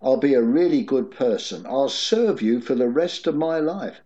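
A man voicing a desperate man stranded on a cliff, yelling and pleading for help. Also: medium pitch, animated, normal speed, close to an everyday voice. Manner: frantic pleading yells. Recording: dull lo-fi recording.

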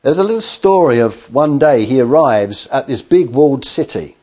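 A man's voice: medium pitch, very animated, normal speed, mellow. A man preaching a sermon, telling stories with acted quotes and rhetorical questions.

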